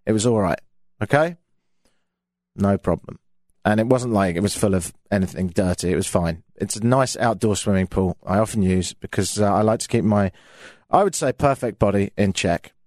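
A man's voice: on the low side, moderate pace, a little mellow, dry recording. A man with a British accent hosting a talk radio show, chatting in a casual, self-mocking, grumbling way into a studio microphone.

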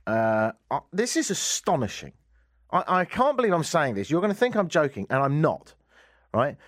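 Wry English radio host, lively delivery. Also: male voice, on the high side, normal speed, dry recording, studio quality. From England. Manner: wry, exasperated comic ranting. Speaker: radio talk show host. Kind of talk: casual comic radio monologue. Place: radio studio.

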